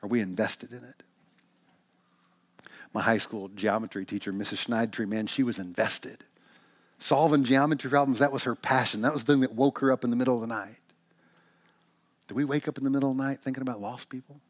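In church, a pastor delivers a sermon in a medium-pitched voice, brisk but with long pauses. He tells stories with animation and asks rhetorical questions. The audio has no room sound.

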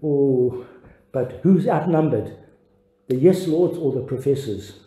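An older man, a pastor, giving a devotional sermon in an earnest, halting way with frequent restarts. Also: mid-range voice, dark tone, roomy sound, poor audio.

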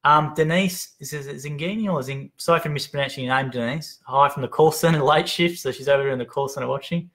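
A man's voice: a little high, a little fast, few pauses, fairly bright tone. A man co-hosting a live stream from an office desk, cheerfully reading out viewer comments and names, sometimes stumbling over how to pronounce them. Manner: upbeat, reads names aloud, stumbles on pronunciations. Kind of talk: casual live-stream chat. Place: open-plan head office.

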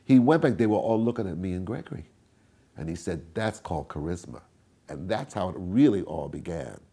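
Animated older man, husky storyteller. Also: brisk. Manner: animated storyteller, acts out quotes with big swings in pitch and volume. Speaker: interviewee, tap dancer. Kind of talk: storytelling interview.

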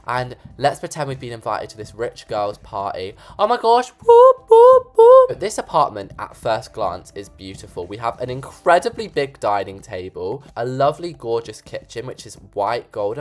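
Young English woman, gaming YouTuber, chatty and bubbly commentary, very animated pitch. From England. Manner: chatty, bubbly, jokey asides to viewers. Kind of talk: casual gameplay commentary.

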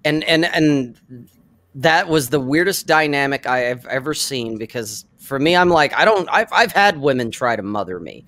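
A man telling an anecdote in casual podcast chat, animated and swearing freely. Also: mid-range voice, moderate pace, dry recording.

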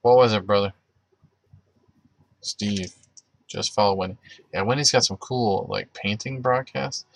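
A man hosting a livestream, praying and then chatting with viewers, halting with many fillers and restarts. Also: lowish voice, vocal fry, dry recording. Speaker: livestream host. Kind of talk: closing prayer and live chat with viewers.

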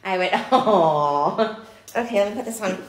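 A woman vlogging an unboxing, gasping and gushing with excitement. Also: mid-range voice, a little slow. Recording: echoey room, faint noise.

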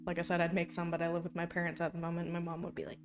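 A woman's voice: on the low side, completely flat delivery, racing. A woman chatting casually on a livestream, rambling from topic to topic and swearing freely. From Canada.

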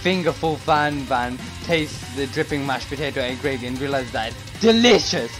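A man reading a dating game aloud in soft, dramatic narration. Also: medium pitch, lively intonation, moderate pace. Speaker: game reader. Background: music.

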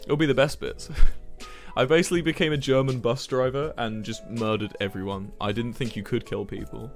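A young man chats loosely with his stream audience from a home setup, swearing freely and often restarting his sentences. His voice sits at an ordinary middle pitch. Soft music plays faintly in the background. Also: fairly even intonation, normal speed. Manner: laid-back, swears freely, rambling with restarts. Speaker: livestreamer. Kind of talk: casual chat with viewers while gaming.

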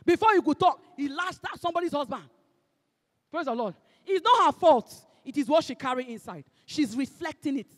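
A woman with a Nigerian accent preaching a sermon, emphatic and fervent, swinging between shouted exhortation and hushed asides, slipping into Pidgin phrases. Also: sits high, animated, brisk, long reverb tail.

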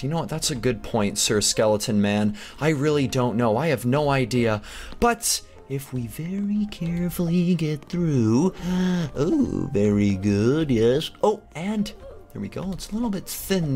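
A young man giving excitable, chatty Let's Play commentary with frequent gasps and mock-posh asides. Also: mid-range voice, unhurried. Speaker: gaming YouTuber. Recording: faint background music.

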